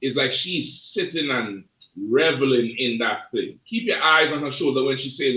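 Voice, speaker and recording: A man's voice: mid-range voice, moderate pace, bright, forceful tone, distant mic. A man hosting a casual panel discussion, talking in an emphatic, preacherly way. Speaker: host. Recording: dull, roomy sound from off mic.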